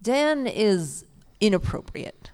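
A woman's voice: mid-range voice, sing-song, slow, darkish tone. A woman co-hosting a comedy podcast in front of a live audience, chatting casually and profanely and slipping into silly voices. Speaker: podcast co-host.

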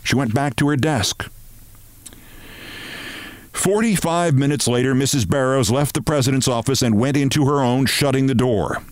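A man hosting a show, reading a short story aloud in an expressive, measured way. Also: medium pitch, dry recording.

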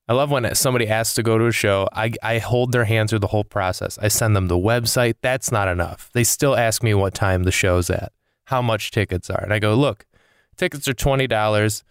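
A man's voice: on the low side, clean tone, no room sound, studio quality. A comedian hosting his own podcast, ranting casually and with exasperation, swearing and rambling through a comic monologue.

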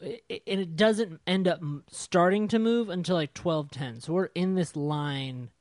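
A man telling a story in casual chat, animated and exasperated, swearing freely. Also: sits high, normal speed, no room sound.

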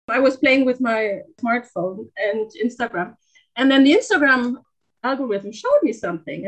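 A woman with a German accent, a German native speaker, chatting as a podcast guest and telling a story in an animated way with frequent laughs. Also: fairly high pitch, rough recording. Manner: animated, laughs often, exclaims. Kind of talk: casual chat, storytelling.

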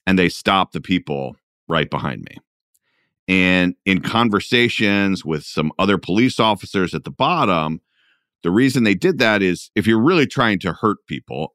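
A man hosting a podcast interview, calmly recounting a memory of his own. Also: sits low, no echo, studio quality. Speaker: podcast host. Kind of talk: casual interview conversation.

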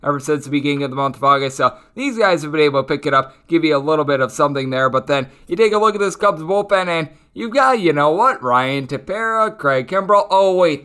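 A man hosting a sports betting podcast, running through player stats and betting lines with quick asides. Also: fairly high pitch, expressive, a bit bright, clear, resonant tone. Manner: rapid-fire stat rundown with quick jokes. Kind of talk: solo betting analysis.

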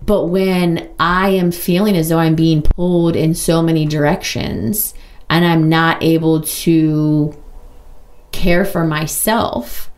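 A woman hosting a podcast, talking openly and casually about her own life, with lots of "like" and quick asides. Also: low voice, steady tone, darkish tone. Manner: open, chatty, full of "like" and quick asides. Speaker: podcast host. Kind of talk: candid personal monologue.

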